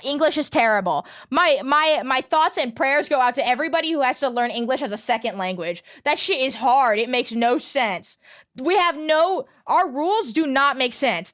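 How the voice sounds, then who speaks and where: Playful high-voiced woman streamer. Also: expressive, moderate pace, a bit bright, dry recording, clean studio sound. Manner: playful, exclaiming, swears, mock-ranting. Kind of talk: casual livestream chat, reacting to chat.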